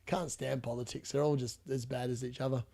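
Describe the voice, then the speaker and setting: A man's voice: mid-range voice, steady tone, fairly quick, creaky, mellow. An Australian man from Perth hosting a casual fantasy football live stream, chatting and rambling with viewers, blunt and laughing often. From Perth, Western Australia.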